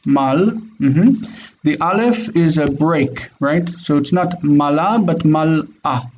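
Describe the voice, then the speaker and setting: Male language teacher, slow patient drills, slightly raised pitch, dull call audio. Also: a little mellow. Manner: slow, careful pronunciation drills. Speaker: Biblical Hebrew teacher. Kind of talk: online class, patient teaching.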